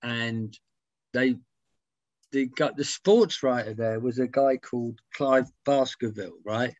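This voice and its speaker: A middle-aged man on a video call, telling animated anecdotes as an interview guest, swearing casually and acting out quotes. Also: medium pitch, takes it slowly, dry recording, muffled recording. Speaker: interview guest, music writer.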